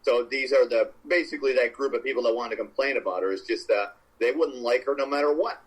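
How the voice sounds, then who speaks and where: A man's voice: mid-range voice, fast talker, breathy edge, poor audio. A man co-hosting a podcast, giving rambling, joking opinions in casual chat. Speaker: podcast co-host.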